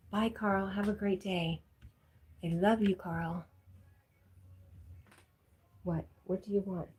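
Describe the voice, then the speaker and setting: A woman's voice: medium pitch, steady tone, slow, long pauses, roomy sound, slight background noise, poor audio. Woman chatting on a livestream. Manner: reads viewer comments aloud, coos softly to her dog. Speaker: livestream host reading chat. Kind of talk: casual livestream chat.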